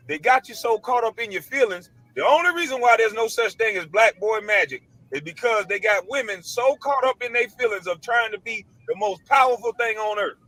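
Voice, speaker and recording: A man with a high, sharp voice rants straight to camera in a blunt, preachy monologue. He leans on casual slang and hammers the same points again and again. It sounds like it was recorded on a computer mic. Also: poor audio. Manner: emphatic, preachy, repeats his points. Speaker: online commentator.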